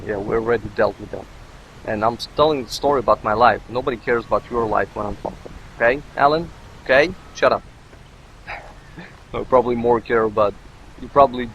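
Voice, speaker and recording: A man's voice: fairly low pitch, fairly bright tone, highs cut off, a little hiss or hum. A man who is not a native English speaker, rambling and joking as he comments on his gameplay. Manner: rambling, jokey, talks to himself. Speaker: let's play commentator.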